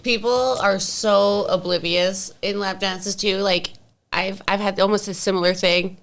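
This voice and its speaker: Woman, podcast co-host, casual chat, mid-pitched voice, breezy and talkative, lots of fillers. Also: steady tone, unhurried, gravelly, a bit bright.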